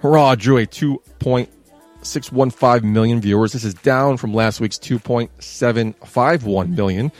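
A man in his thirties hosting a casual talk show, chatty and sarcastic with lively asides. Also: mid-range voice, a little slow, soft background music. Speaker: podcast host.

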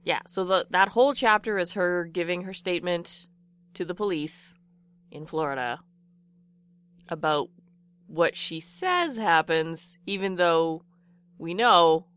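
A woman co-hosting a casual book discussion podcast, chatty and playful, quick to laugh. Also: on the low side, a bit bright, clean tone. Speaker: podcast co-host.

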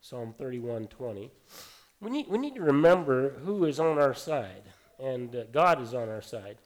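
A middle-aged male pastor preaching in a loose, conversational way, telling stories from his own life between verses. His voice sits at an ordinary mid pitch, and he fills pauses with easy "uh"s. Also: sing-song. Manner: conversational, anecdotal preaching with frequent fillers. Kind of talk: sermon.

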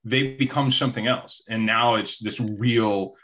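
Male podcast talker, bright tone, storyteller who slips into quoted voices. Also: medium pitch, fairly even intonation, unhurried. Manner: anecdotal, acts out quoted voices. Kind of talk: casual podcast chat.

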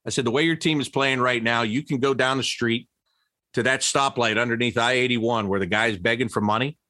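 A middle-aged man, a former broadcaster, telling stories in a casual interview, with many restarts and pitch that jumps up when he gets excited. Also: fairly quick, no echo, clean studio sound.

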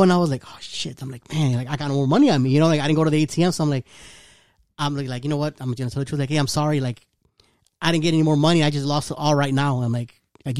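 Man, casual storytelling, acts out quotes, fairly high voice, fast. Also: no echo, studio quality. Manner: animated storytelling, acting out quotes. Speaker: storyteller in a group chat. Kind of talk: casual chat.

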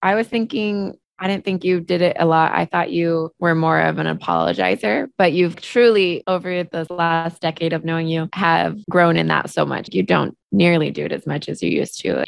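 A woman in casual chat, reflective and tentative, laughing softly. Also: fairly low pitch, normal speed, creaky, few pauses, no room sound.

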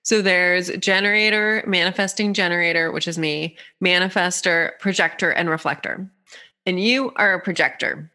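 Give me a woman podcast guest explaining things playfully with lively examples. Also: lowish voice, moderate pace. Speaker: guest, human design reader. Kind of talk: podcast conversation.

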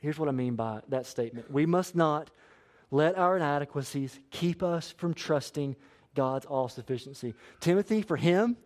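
A young man preaching a sermon as pastor, animated and asking the congregation to answer back. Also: on the high side, normal speed. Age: young adult. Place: church sanctuary.

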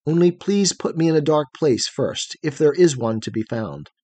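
A man doing a gentle, soothing night girl. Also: a little high, animated, moderate pace, dry recording. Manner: soothing, earnest pleading.

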